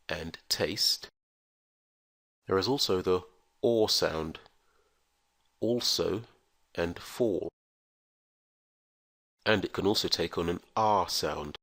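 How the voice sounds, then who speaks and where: A man teaching English pronunciation in a careful, scripted lesson, spelling out letters and sounds with slow, deliberate enunciation. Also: sits low, gravelly, fairly bright tone, dry recording.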